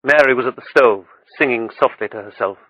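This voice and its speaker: Bright-toned male audiobook narrator. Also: mid-range voice, brisk, no room sound, poor audio.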